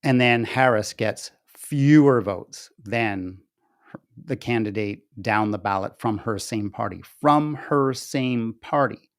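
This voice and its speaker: Gravelly-voiced man with emphatic commentary. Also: on the low side, measured pace. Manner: rambling, self-interrupting, emphatic and incredulous. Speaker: political commentary host. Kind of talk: casual screen-share commentary.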